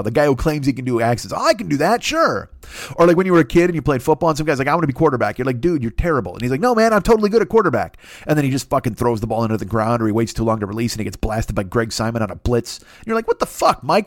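A man talks fast through a rambling, profane comedy monologue on a podcast. His pitch sits in the middle, and the close, dry sound has no room echo. He often jumps into high, mocking voices to quote other people. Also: darkish tone. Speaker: podcast host.

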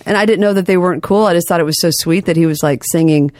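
A woman's voice: on the low side, fast, a little mellow, no echo. A woman, a comedian guest, rambling in casual chat, self-deprecating and full of restarts. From United States.

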